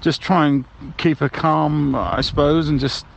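A man's voice: a little high, steady tone, unhurried, gravelly, muffled recording. Rambling man with faint noise. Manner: rambling, cheerful, full of hesitations. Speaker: balloon ride passenger leaving voicemails. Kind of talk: comic voicemail monologue.

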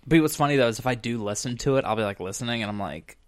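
A man's voice: medium pitch, very fast, smooth, dry recording, clean studio sound. Casual young man, rambling podcast host. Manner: rambling, animated storytelling with swearing. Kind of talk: casual chat.

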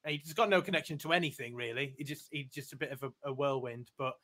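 A man's voice: medium pitch, quick pace, bright, forceful tone. A man chatting as a podcast guest, self-deprecating and prone to stumbling restarts. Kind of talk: casual podcast chat.

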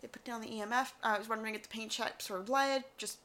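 A woman co-hosting a casual podcast, her voice bright and a touch high. She tells stories with lots of energy and slips into quoted voices. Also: fast. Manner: animated storytelling, quotes others in voices. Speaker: podcast co-host. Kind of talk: casual chat.

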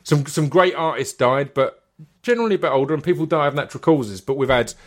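A man's voice: a little high, quick pace. Male podcast host in his thirties, sweary storyteller who trips over his words. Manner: sweary, animated storytelling with stammered restarts. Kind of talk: casual chat, storytelling.

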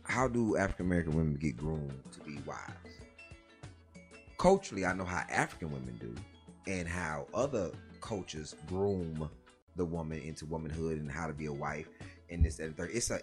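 A woman chatting casually as a podcast host, telling loud, profane stories and laughing often. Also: very deep voice, animated, normal speed, faint music behind. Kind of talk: casual chat.

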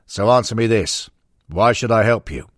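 Curt, stern older football boss, voiced by a male narrator; deep husky voice, dry close sound, audiobook. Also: moderate pace, dry recording, lightly acted.

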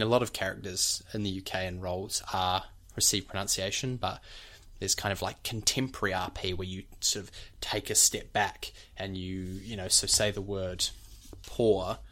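A man's voice: sits low, flat delivery, normal speed, bright, forceful tone. A young man co-hosting a podcast. He explains at length in a casual chat, with many fillers like "like" and "you know". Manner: breaks off to demonstrate accent sounds. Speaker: podcast co-host, actor.

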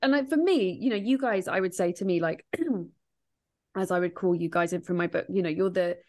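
A woman guest on a podcast talking in a casual interview chat, rambling and animated, laughing often and swearing freely. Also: fairly low pitch, normal speed. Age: adult, grieving since 1998. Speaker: guest, grief podcast host and author.

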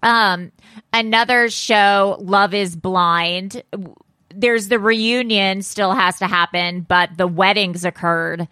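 A woman co-hosting a podcast, chatting casually about celebrity gossip and reacting with quick exclamations. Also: medium pitch, fairly even intonation, bright, forceful tone, no room sound, clean studio sound. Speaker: podcast co-host.

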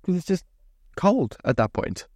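A man's voice: sits high, very animated, a little slow, a little mellow, no room sound, clean studio sound. A young man hosting a podcast, ranting in a sweary, mock-indignant way. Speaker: podcast host. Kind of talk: solo podcast rant.

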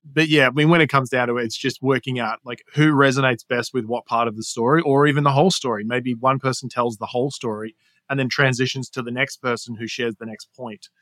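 A man's voice: medium pitch, a little fast, no room sound. A man, a storytelling and sales coach talking energetically on a podcast interview, laughing often as he explains. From Australia. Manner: energetic, laughs often, puts on quoted voices.

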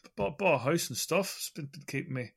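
A man's voice: a little high, expressive, fast, creaky, slightly rough. A man from England co-hosting a podcast, hesitant and self-deprecating, often restarting his words. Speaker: podcast co-host. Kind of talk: casual banter.

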